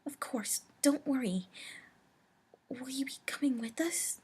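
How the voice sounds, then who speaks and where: A woman with a cold voicing an earnest, anxious young female alicorn pony in a storybook reading, her voice raspy. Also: sits high, unhurried, darkish tone, pitched above the performer's own voice, full character voice. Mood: agreeable. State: sick with a cold.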